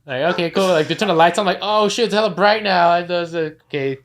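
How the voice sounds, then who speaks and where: A young man as a podcast guest, telling his story in a casual, animated way and acting out quoted voices. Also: high voice, fast talker. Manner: animated, acts out quoted voices, many fillers like "like".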